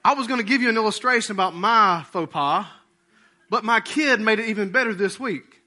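A pastor preaches to his congregation in the church sanctuary, keeping his sermon conversational and regularly asking them questions. He talks fairly quickly in a high-sitting voice that sounds pushed and bright.

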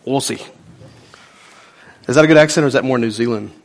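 In a church sanctuary, a male pastor preaches a folksy, emphatic sermon, swinging from loud to soft. He talks very fast in a mid-range voice.

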